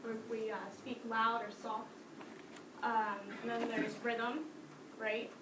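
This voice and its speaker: A woman teaching a music class, talking lively and breaking into sing-song examples, recorded from afar in a classroom. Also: on the high side, takes it slowly. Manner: lively, sing-song demonstrations with frequent laughs. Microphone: distant camera mic. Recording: echoey classroom from far off, noisy.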